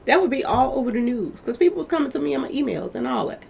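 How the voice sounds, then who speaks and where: A fast-talking woman with a high, creaky voice runs her own commentary channel, and faint background noise can be heard. Her celebrity gossip is casual and animated, and she keeps turning to her viewers with "y'all."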